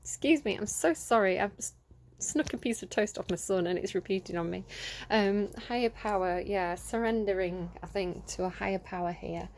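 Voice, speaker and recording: A woman chats through a tarot reading, recorded on a phone. She talks in a loose, rambling way with many ums and side remarks. Her voice sits at a middling pitch. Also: moderate pace, darkish tone, a little hiss or hum. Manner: chatty and rambling, many fillers. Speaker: tarot reader. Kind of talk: casual tarot reading to camera.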